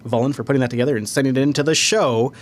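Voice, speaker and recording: Fast-talking male tech podcast host. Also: mid-range voice. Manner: rambling, animated, laughs often. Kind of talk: casual tech show chat.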